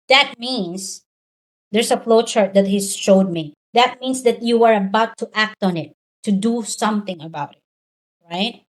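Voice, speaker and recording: A woman giving a motivational talk as a coach for virtual professionals, talking in a direct, earnest way with many rhetorical questions. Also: medium pitch.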